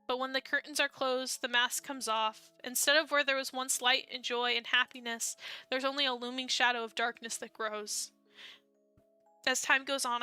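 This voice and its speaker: Young woman, streamer, reads game text aloud, expressive, excited asides, dry close sound, faint music behind. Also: fairly high pitch, clear, resonant tone, dry recording. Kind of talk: reading a visual novel aloud on stream.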